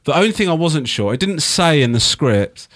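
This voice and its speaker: A man's voice: on the high side, very animated, normal speed, a bit bright, no echo. British guy rambling through a story on a podcast, swears a lot, dry close sound. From England. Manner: swears freely, rambling anecdotes with "do you know what I mean". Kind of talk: casual podcast chat, storytelling.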